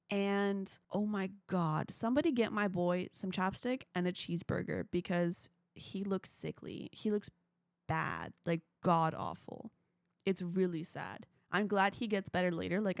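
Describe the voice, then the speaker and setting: A woman's voice: mid-range voice, gravelly, no room sound, clean studio sound. A young woman hosting a casual solo podcast, chatting with gushing fan enthusiasm. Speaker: podcast host.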